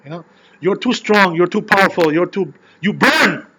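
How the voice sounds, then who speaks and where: A man who is a rabbi teaching an informal Torah class, animated and constantly checking in with "you know" and "right?". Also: high voice, moderate pace.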